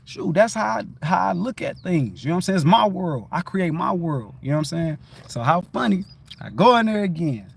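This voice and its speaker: A middle-aged man with a notably high voice talks in a loose, rambling way on a livestream. He keeps checking in with "you know what I'm saying" and bursts into louder, higher greetings as he acts out the people he meets. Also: very animated, brisk, gravelly, husky. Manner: acts out his own greetings in a raised voice. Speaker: livestream host. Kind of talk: casual spoken monologue.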